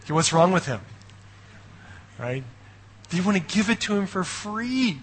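A man preaching a sermon in an animated, conversational way, checking in with his listeners through frequent rhetorical questions. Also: high voice, a little slow, pauses often, slight background noise. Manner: animated storytelling. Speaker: pastor.

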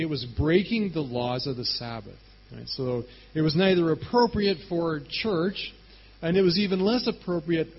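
A man preaching a sermon, telling the story in a casual, animated way and often checking in with "right?". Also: on the high side, husky, highs cut off. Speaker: pastor.

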